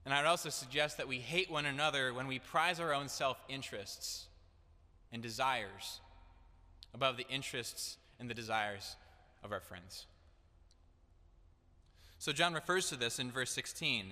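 Young male preacher, earnest sermon delivery, bright tone, long hall reverb. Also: medium pitch, normal speed. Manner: earnest, direct, building to emphatic declarations. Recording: echoey hall.

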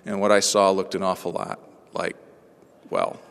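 A man's voice: low-pitched, level tone, moderate pace, gravelly. Man preaching in an echoing hall. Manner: wide swings from hushed to ringing proclamation. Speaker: pastor. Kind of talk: sermon with personal storytelling. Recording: long reverb of a large hall.

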